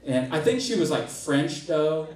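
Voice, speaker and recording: A man's voice: a little high, expressive, unhurried. A young man doing stand-up comedy in a self-mocking, rambling way, with frequent restarts. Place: comedy club stage. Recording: echoey club, far mic, laughing crowd.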